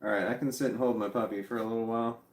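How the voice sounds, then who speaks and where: A middle-aged man vlogging in casual chat, rambling and halting, with blunt swearing. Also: lowish voice, steady tone, roomy sound.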